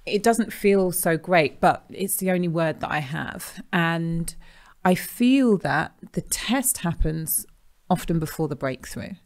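A woman hosting a podcast, speaking in a thoughtful, measured way during a reflective conversation. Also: on the low side, animated. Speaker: podcast host.

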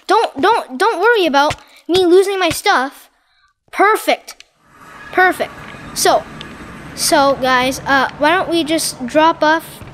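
A woman giving excitable, dramatic commentary over her Minecraft gameplay, exclaiming and repeating herself. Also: high voice, slight background noise. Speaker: gaming channel host.

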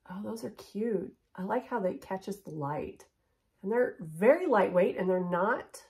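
A middle-aged woman, chatting casually and upbeat as she unboxes and tries on jewelry. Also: mid-range voice. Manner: chatty, upbeat, drops to a near whisper for close-ups. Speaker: shopping haul vlogger. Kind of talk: casual chat unboxing and try-on.

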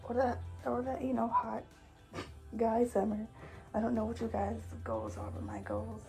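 In a low-quality recording with soft background music, a young adult woman vlogs her home workout, chatting with viewers as "you guys" while slightly out of breath. Her fairly high voice is a little mellow, with lively intonation, vocal fry and a normal speed. Her casual vlog talk is chatty and heavy on fillers.

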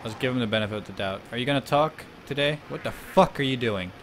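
Excitable swearing man on game commentary. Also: mid-range voice, quick pace, a little hiss or hum. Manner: excitable, swearing, laughs a lot. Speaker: gaming video host. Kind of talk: gameplay commentary.

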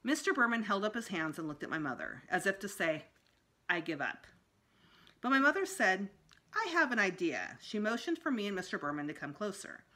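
A woman, a school librarian, reading a children's chapter book aloud with expressive storytelling. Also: mid-range voice, fast, hardly any pauses.

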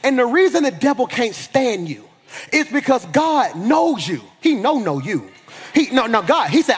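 A male pastor preaching a sermon in a big church hall, colloquial and often shouting, repeating words for emphasis. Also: very high voice, big pitch swings, moderate pace, breathy edge, faint music behind. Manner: preaching with call-and-response energy, often shouting. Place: large church hall with an audience.

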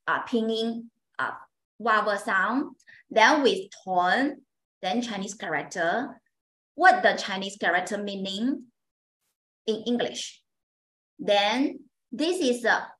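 A woman's voice: mid-range voice, fairly bright tone, echoey room, low-quality recording. A woman teaching an online Chinese pronunciation class, speaking simple non-native English and patiently repeating sounds for her students.

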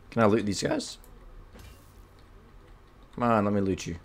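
A man's voice: on the low side, steady tone, unhurried. A man giving casual let's-play commentary while gaming, laughing often, swearing and reacting with surprise. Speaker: gamer playing a video game.

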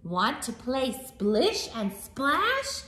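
A woman's voice: high voice, very animated, extremely slow, bright, forceful tone, full character voice. A woman voicing a playful, restless little boy hippo in a storybook, in an echoey room. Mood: eager. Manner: eager, bouncy.

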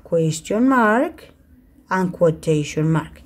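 A woman's voice: lowish voice, sing-song, slow, slightly rough. A woman teaching an online English grammar class in a Spanish accent, her first language being Spanish, reading example sentences aloud and switching into Spanish to explain. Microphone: computer mic in a video call.

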